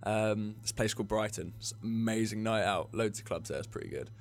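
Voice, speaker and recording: Talking a little fast in a lowish voice, this young English podcast co-host laughs his way through rambling drinking stories during casual conversation.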